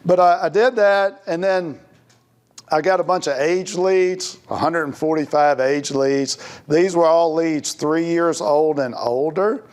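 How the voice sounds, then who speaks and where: A man, a guest insurance agent, telling his story in a casual, animated way, rambling and laughing as he goes. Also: on the high side, measured pace, smooth.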